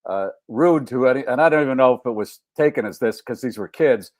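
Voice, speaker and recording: Man hosting a relaxed talk show. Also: medium pitch, brisk. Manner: chatty, prompting the guest with stories. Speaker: host. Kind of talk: casual chat.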